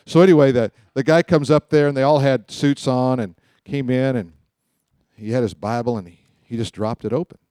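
A man giving a Bible lesson like a sermon, animated and quick to joke as he tells stories. His voice sits at an ordinary pitch and sounds dry and close, with almost no room around it. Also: no room sound. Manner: animated, joking, storytelling. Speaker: Bible teacher. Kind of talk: teaching sermon.

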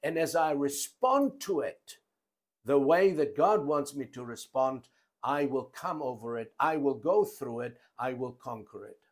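A man preaching a sermon, emphatic, with his loudness rising and falling and his phrases slow and deliberate. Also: medium pitch, expressive.

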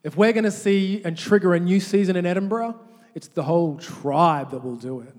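A man preaching a sermon as pastor, animated, often restarting and repeating words as he leads the congregation in call-and-response. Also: high voice, brisk. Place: large church hall. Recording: long hall reverb.

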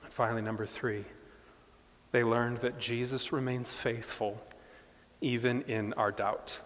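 A man's voice: medium pitch, flat delivery, unhurried, slight background noise. Preaching man in a reverberant hall. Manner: builds from hushed, reflective passages to loud, emphatic preaching. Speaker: pastor. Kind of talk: sermon.

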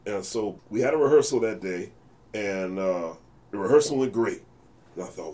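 In a casual interview, an American jazz bassist guest relates anecdotes at a moderate pace in a fairly low voice. He tells them with animation, acting out others' voices as he goes.

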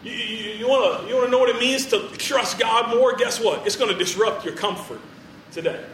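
A man preaching an animated, playful sermon to students, acting out the people in his story. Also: high-pitched, a little hiss or hum. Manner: animated, playful, acts out quotes. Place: large room with audience. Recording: roomy hall, distant from mic.

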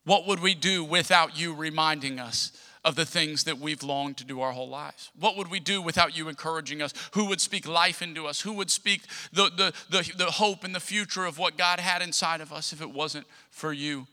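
A man's voice: a little high, moderate pace, pushed and bright. A man, preaching a sermon in an impassioned, repetitive cadence. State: tearful at times. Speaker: pastor. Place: church sanctuary. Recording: long church hall reverb.

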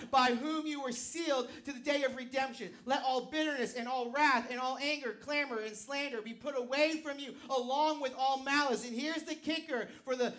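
A male pastor preaching a sermon, swinging from loud, emphatic shouts to quiet asides, with a live object lesson on stage. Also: very high-pitched.

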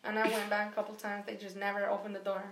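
A woman telling a story in casual chat, animated and profane, acting out the voices of the people in it. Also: medium pitch, fast, echoey room. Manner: animated, profane, acts out quotes.

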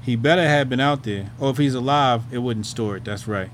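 A man's voice: mid-range voice, fairly quick, slight background noise. A man hosting a commentary show, talking in a loose, rambling way, swearing freely and trailing off into fillers. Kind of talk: casual profane commentary.

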